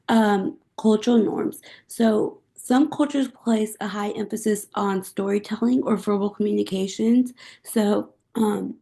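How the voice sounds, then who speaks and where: Young woman student presenting, mellow voice, lots of fry, casual ums. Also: medium pitch. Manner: casual, explanatory, with fillers. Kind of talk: class presentation.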